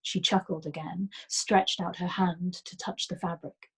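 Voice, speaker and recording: Woman reading a novel aloud, breathy and soft, drops to a hush now and then. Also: on the low side, flat delivery, unhurried, hardly any pauses, rough recording. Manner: soft, gentle reading with hushed whispered lines. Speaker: storyteller.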